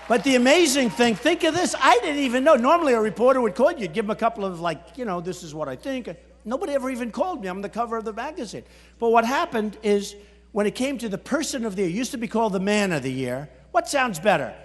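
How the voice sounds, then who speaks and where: Brief: high-pitched, boastful New man giving a rally speech, repeating himself, shouting now and then, with long hall reverb. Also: lively intonation, quick pace. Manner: boastful, repetitive, breaks into shouts. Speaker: political candidate at a rally. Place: large indoor rally hall.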